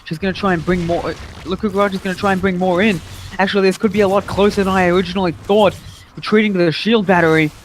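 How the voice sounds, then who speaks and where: Excited male esports play-by-play caster. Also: sits high, fast, a little hiss or hum. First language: English. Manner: energetic play-by-play, excited at big moments. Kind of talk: live game commentary.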